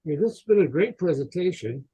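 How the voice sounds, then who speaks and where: A man moderating a video call, briskly calling on participants and inviting comments. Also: on the high side, lively intonation, dark tone, breathy edge, low-quality recording. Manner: brisk, calls on people.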